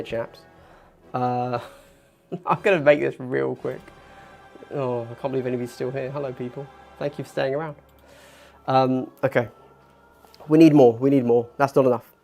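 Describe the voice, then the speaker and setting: A man in his thirties chats his way through a hobby livestream, animated and quick to get worked up. His voice sits mid-range with a gravelly edge. Faint music plays softly behind him. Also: mid-range voice. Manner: chatty, animated, gets worked up and self-deprecating. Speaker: livestream host. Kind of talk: casual hobby livestream chat.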